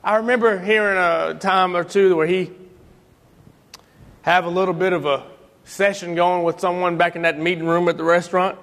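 A man telling stories about his late father, animated, acting out voices and laughing often. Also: high-pitched, normal speed. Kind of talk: storytelling talk to an audience. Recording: long hall reverb.

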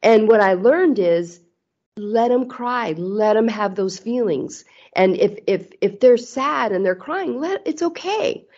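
A woman's voice: on the high side, lively intonation, slow pace, a little mellow. Earnest middle-aged woman, muffled audio. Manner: earnest, candid, frequent restarts. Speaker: podcast guest. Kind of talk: casual interview chat.

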